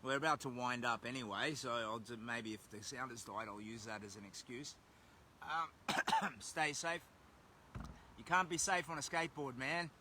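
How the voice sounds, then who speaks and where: An Australian livestreamer on a long charity walk chats casually and reads viewer comments aloud while walking by a windy road, his phone in hand. His medium-pitched voice is bright and forceful at normal speed, with slight background noise.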